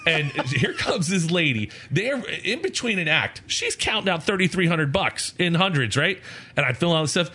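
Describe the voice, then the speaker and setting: A man's voice: sits high, moderate pace, husky. A man co-hosting a podcast, telling a story in casual chat and acting out the people in it. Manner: animated, acts out quotes in voices. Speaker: podcast co-host.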